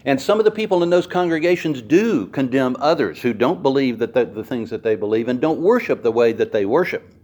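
A man preaching a sermon with a highly animated delivery, his pitch rising and falling widely. He leans hard on repeated phrases and draws out words for emphasis. His voice sits in a middling register.

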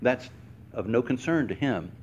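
A man preaches to a congregation in a church hall, his pitch swinging widely as he goes. He slows down to stress single words and leaps higher when he acts out lines. His voice sits at a middle pitch. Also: expressive, darkish tone, muffled recording, a little hiss or hum. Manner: explains word meanings slowly, stressing each word. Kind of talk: sermon.

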